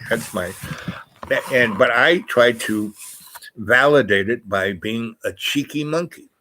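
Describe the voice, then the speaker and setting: A man's voice: mid-range voice, slow pace, pushed and bright, low-quality recording. An older man talking in a meandering, casual monologue, correcting himself often and reading aloud from a screen. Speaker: channel host.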